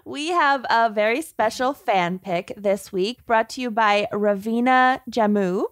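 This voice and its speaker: A woman's voice: fairly high pitch, unhurried. A woman with a Minnesotan accent hosting a casual podcast, wry, and leading the segments. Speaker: podcast co-host.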